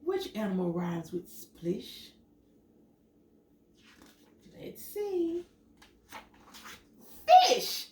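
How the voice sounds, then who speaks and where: Woman teacher, storybook read-aloud for kids, lively swooping voice, unhurried, echoey room, mic set back. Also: mid-range voice, distant mic, a little hiss or hum. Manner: expressive storytelling, acts out sound words and quizzes children. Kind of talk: picture-book read-aloud lesson for young children.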